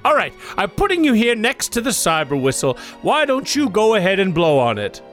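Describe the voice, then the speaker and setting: A man's voice: sits high, wildly swooping pitch, moderate pace, a bit bright, soft background music, exaggerated voice. A man playing a jolly, crude giant Santa Claus in a comedy sketch. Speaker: comedy podcast host.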